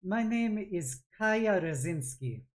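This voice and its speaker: A woman's voice: medium pitch, expressive, slow. A woman voicing a bored, chain-smoking fire genasi woman with a thick foreign-sounding accent and an apathetic, languid manner.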